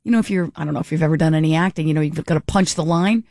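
A woman's voice: sits low, very fast, creaky, dry recording. Chatty talk-radio woman, dry studio sound. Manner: chatty, animated, acts out little dialogues. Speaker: radio talk show host. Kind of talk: casual talk radio commentary. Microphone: studio microphone.

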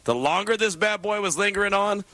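A man with a high, strikingly bright voice hosts a sports radio show, trading teasing banter with his co-host. He laughs often and talks in a loose, playful way. The studio mic sounds close and dry. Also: brisk, no room sound. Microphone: studio microphone.

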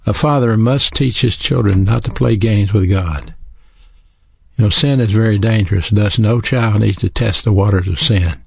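A man's voice: fairly low pitch, vocal fry, a little mellow, husky, no room sound. A man preaching a sermon in an earnest, teaching way, spelling out words letter by letter.

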